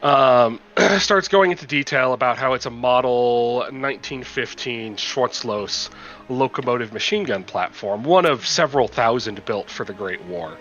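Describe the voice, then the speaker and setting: Bright-voiced man running a tabletop game. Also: mid-range voice, unhurried, lo-fi sound. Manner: describes scenes with many ums and throat clears. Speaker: game master.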